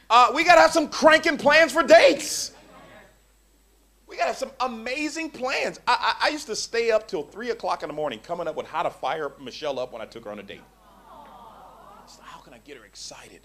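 A man preaching a sermon to a congregation, animated and joking, acting out the voices of the people in his stories. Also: sits high. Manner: animated, acts out quoted voices.

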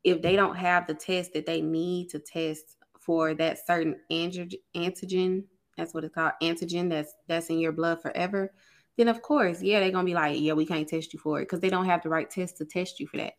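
A young woman talks in a relaxed, casual way, cursing freely and laughing often. Her voice sits a little low for a woman. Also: normal speed. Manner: laid-back, profane, laughs often. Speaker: podcast co-host. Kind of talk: casual chat.

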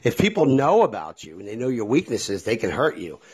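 A man's voice: medium pitch, huge pitch swings, a little fast, breathy edge. A middle-aged man hosting a solo podcast, talking bluntly and with a lot of feeling, swearing freely as he speaks his mind. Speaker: podcast host. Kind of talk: candid solo podcast monologue.

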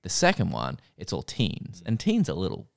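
A man's voice: low-pitched, moderate pace, gravelly, no echo, studio quality. A man co-hosting a casual podcast, recapping a TV show, swearing and acting out the characters' lines. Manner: animated, swearing, acts out quotes. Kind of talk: casual chat.

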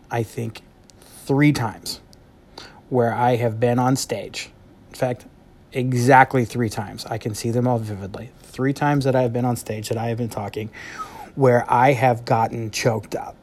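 A man's voice: mid-range voice, darkish tone. Solo podcast host, man, heartfelt and conversational, mid-range voice. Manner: earnest, heartfelt, conversational with pauses. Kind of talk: reflective solo podcast monologue.

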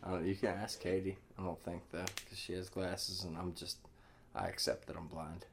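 A man's voice: sits low, flat delivery, moderate pace, vocal fry, background noise. A young man hosting a casual podcast at home, laid-back and swearing freely. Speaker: podcast host. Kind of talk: casual chat.

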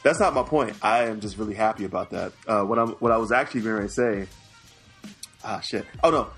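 Profane, excitable man on a podcast. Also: fairly low pitch, brisk, breathy edge, soft background music. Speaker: podcast co-host. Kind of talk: casual chat.

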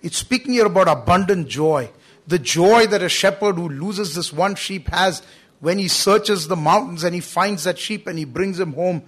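A man's voice: high voice, normal speed, a bit bright. A man preaching a sermon, earnest and emphatic, with frequent "you know" fillers. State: coughing at times.

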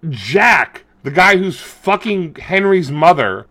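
Bright-voiced man, crude rambling storyteller. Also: high-pitched, sing-song, slow. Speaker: podcast co-host. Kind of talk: casual chat.

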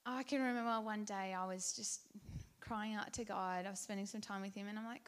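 A woman's voice: on the high side, moderate pace. A woman giving a devotional talk, telling a personal story in a conversational, heartfelt way with fillers and restarts. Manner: earnest and heartfelt. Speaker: Christian speaker.

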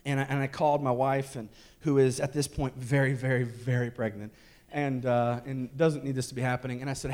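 A man's voice: mid-range voice, steady tone, fairly quick, darkish tone. A man in his thirties, a pastor telling a candid family story in a sermon with jokes and restarts. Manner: candid, joking, many restarts.

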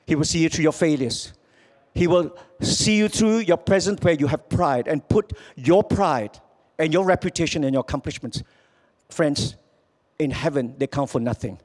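A man preaching a sermon as pastor, swinging from loud calls to quiet, low lines. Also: expressive, normal speed.

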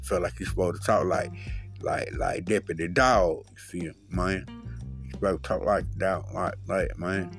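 A man's voice: sits low, level tone, normal speed, soft background music. A man hosting his own solo podcast, talking in a profane, rambling, loose way with lots of fillers. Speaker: podcast host.

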